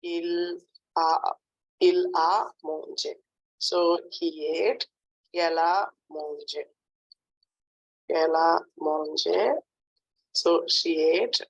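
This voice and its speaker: A woman leads a French lesson, repeating verb forms one at a time. She talks unhurriedly, with a slightly low voice. She checks in often with a soft "hmm, d'accord". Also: steady tone, creaky, lo-fi sound. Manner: slow, repetitive drilling with frequent "hmm, d'accord". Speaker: French teacher. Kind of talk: online language lesson.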